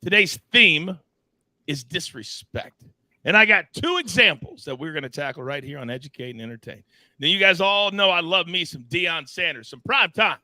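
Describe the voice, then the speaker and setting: A man hosting a live sports betting show, teasing his co-hosts and reading chat in a playful, animated way. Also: fairly high pitch, moderate pace, dry recording. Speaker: host.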